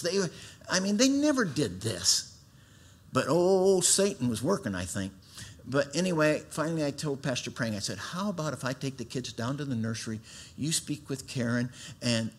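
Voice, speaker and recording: Middle-aged male preacher, folksy testimony, middle-pitched voice, loud and soft by turns. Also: slightly rough. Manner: folksy storytelling, swings from loud to hushed. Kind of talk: sermon testimony.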